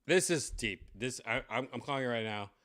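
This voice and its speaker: A man hosting a live stream, talking casually in a rambling, excitable way with lots of fillers. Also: medium pitch, a little fast. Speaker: streamer host.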